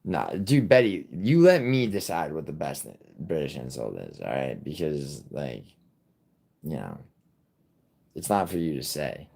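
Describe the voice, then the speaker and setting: A young man with a very low voice talks loosely to his live chat, swearing freely and trailing off mid-thought. His talk is rambling and casual, broken by laughs. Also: sing-song, unhurried, vocal fry, a little mellow. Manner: profane, rambling, laughs often. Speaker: livestreamer.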